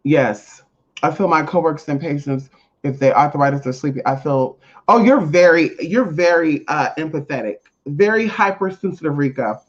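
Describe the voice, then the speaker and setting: A spiritual reader in a casual monologue to viewers, blunt, profane and emphatic, with big swings in pitch. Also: lively intonation, moderate pace. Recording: dull lo-fi audio.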